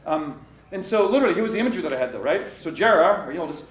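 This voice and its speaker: A middle-aged man giving a motivational workshop talk to a live audience, animated and addressing the crowd directly. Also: fairly high pitch, rapid-fire. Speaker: coach and workshop speaker. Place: conference room with live audience. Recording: echoey room, distant mic, faint noise.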